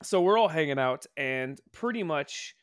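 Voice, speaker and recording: A man's voice: fairly high pitch, normal speed, clean tone, no echo, studio quality. A man telling a story on a casual podcast, swearing freely and talking with energy. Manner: profane, animated storytelling. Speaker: podcast co-host. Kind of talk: casual chat.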